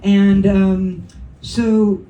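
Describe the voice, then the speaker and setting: A mellow, mid-range voice with little pitch movement and drawn-out words carries this Californian woman's live comic story at a comedy club. She is wry and self-deprecating, dropping profane asides as the crowd laughs. The distant mic gives roomy club sound with its highs cut off, plus faint room ambience.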